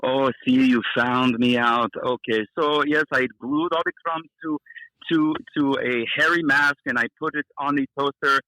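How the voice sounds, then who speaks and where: A man's voice: high-pitched, wildly swooping pitch, fast talker, vocal fry, sharp tone, dry recording, exaggerated voice, poor audio. A man doing a flustered fake-accented toaster lover. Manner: stammering, defensive, flustered. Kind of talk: improvised comedy sketch.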